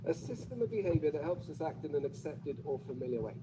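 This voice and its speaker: Man with a British accent, public speaker, playful and audience-teasing; slightly high voice, noisy playback. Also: sing-song, quick pace. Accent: British English. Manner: chatty, playful, asks the audience questions. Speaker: conference speaker.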